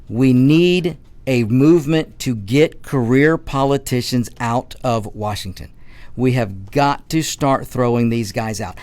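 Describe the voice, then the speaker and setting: A man's voice: medium pitch, a little mellow, dry recording. A man hosting a talk radio show, ranting passionately with frequent restarts and stammers. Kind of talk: political talk radio monologue.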